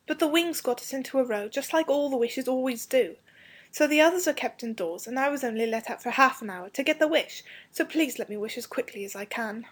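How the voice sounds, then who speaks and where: Woman doing a breathy anxious schoolboy. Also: sits high, a little fast, voice pushed up. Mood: pleading.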